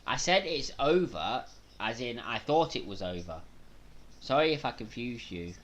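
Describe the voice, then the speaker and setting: A man from Manchester with a Mancunian accent, hosting a live watch-along stream, reacting with loud gasps and chatting casually with viewers. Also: mid-range voice, a little slow. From Manchester, England. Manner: excitable, bursts into loud gasps during big moves, casual with chat.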